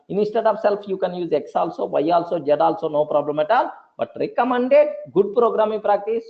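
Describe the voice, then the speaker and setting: A man teaching a programming class. He repeats key points and often stops to check whether the students understand. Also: high-pitched. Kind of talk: classroom lecture. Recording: dull lo-fi recording.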